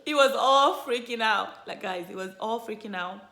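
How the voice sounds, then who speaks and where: A woman's voice: on the high side, normal speed. Chatty woman vlogger in a roomy space. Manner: chatty, leans on "you know" and "like"; animated, lively retelling. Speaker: vlogger, mother sharing her birth story. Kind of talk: casual storytelling to viewers. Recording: roomy echo.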